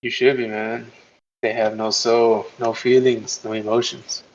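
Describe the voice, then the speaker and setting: A man's voice: medium pitch, little pitch movement, measured pace, slight background noise. Man, casual podcast banter, rambling, swears, mock disbelief, muffled call audio. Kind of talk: casual chat over voice call.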